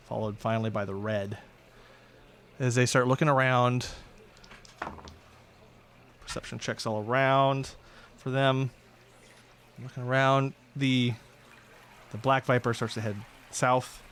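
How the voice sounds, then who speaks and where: A man's voice: mid-range voice, little pitch movement, a little slow, pauses often, fairly bright tone, slight background noise. Casual man running a tabletop game. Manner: casual, self-deprecating, laughs easily. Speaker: game master.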